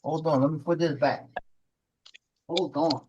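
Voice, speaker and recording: A man's voice: on the high side, fairly even intonation, unhurried, a little mellow, dull audio, slight background noise. A man hosting a casual live chat, talkative and coaxing his pets with treats. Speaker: host.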